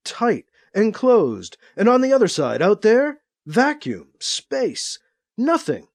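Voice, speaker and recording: A man voicing a sinister alien who slowly taunts a trapped man, repeating himself with creeping menace. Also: high voice, wildly swooping pitch, voice pushed up, heavily acted. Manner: slow, creeping, repetitive menace.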